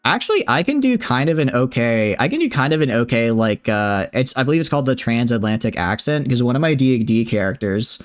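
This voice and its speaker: A young man streaming a game, chatting with viewers in a relaxed, jokey way while he plans his builds. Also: mid-range voice, a little fast, hardly any pauses, soft background music. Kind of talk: casual gameplay commentary chatting with viewers.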